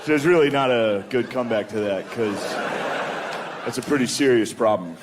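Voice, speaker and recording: A man's voice: medium pitch, normal speed. A man performing a crude stand-up routine on a comedy club stage, brash and laughing at his own jokes into a handheld mic. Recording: live set with clear background noise.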